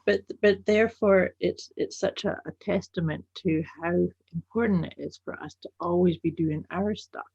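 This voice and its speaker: Woman podcast co-host, affirming and reflective, raspy tone, dry lo-fi sound. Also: fairly low pitch, moderate pace, few pauses, a little mellow, dry recording. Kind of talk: casual chat.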